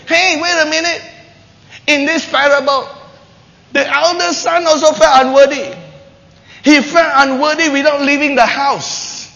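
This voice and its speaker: A man preaches with a bright, high-pitched voice, repeating his points with animated emphasis. The recording is slightly muffled. His voice carries a long reverb, as if he is in a large hall or church. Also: measured pace, creaky, long pauses. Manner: animated, acts out the characters with emphatic repetition. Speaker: pastor. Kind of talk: sermon.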